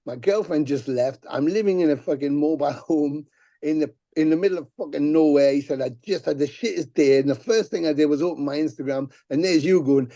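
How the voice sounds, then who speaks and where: A middle-aged man, a musician guest telling profane, animated stories on a podcast and acting out the people he quotes. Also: fairly high pitch, brisk, no echo. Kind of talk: casual podcast storytelling.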